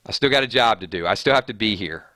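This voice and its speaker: A man's voice: on the low side, expressive, fast talker, bright, forceful tone, no room sound. A man hosting a live stream, chatting casually and reading viewer comments aloud with frequent restarts.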